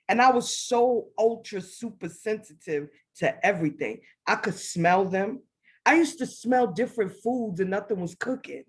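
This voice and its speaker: A woman telling a personal spiritual story as a guest, animated, acting out her own past words. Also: mid-range voice, breathy edge. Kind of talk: casual faith testimony.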